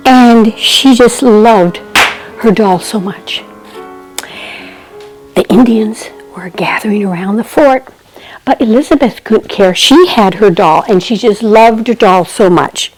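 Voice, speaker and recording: Gentle woman storyteller who slips into whispers. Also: fairly high pitch, soft background music, poor audio. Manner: expressive, often drops to a dramatic whisper; slow, gentle delivery with asides to the listener. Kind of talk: oral storytelling for children.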